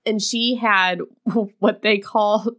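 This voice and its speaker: A woman's voice: medium pitch, fairly even intonation, slow pace, fairly bright tone. A woman co-hosting a podcast, making wry, sarcastic comments on a book. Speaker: podcast co-host. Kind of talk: casual chat, book recap.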